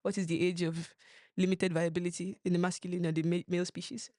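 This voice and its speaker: A woman's voice: on the low side, flat delivery, fast talker, dark tone, no echo. Podcast co-host: young woman, playful rambler, dry close sound. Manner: rambling, playful, slips between accents. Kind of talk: casual podcast chat.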